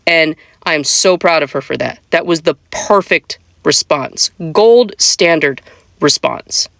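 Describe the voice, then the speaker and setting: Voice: mid-range voice, slow pace, creaky, fairly bright tone, no echo, studio quality. A speaker giving casual commentary, driving points home by repeating phrases. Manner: emphatic, repeats phrases for effect.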